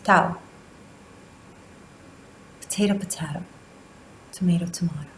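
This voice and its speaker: A woman tarot reader giving a spiritual monthly reading, speaking slowly and deliberately with long pauses. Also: on the low side, echoey room, slight background noise, poor audio. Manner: slow, deliberate delivery with drawn-out pauses.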